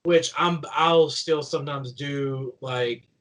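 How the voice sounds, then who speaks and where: On poor audio, a young man from Kentucky with a light country twang and a high, somewhat bright voice talks slowly in a steady tone as a guest in a casual interview. The professional wrestler rambles chattily, leaning on "like" and laughing while telling stories.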